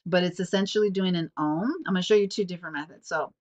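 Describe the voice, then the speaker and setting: A woman's voice: on the low side, fast, a little mellow, muffled recording. Rambling woman host with a sniffly nose. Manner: rambling, many fillers like "like" and "um". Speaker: podcast host. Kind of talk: casual reflective monologue. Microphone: self-recorded on camera.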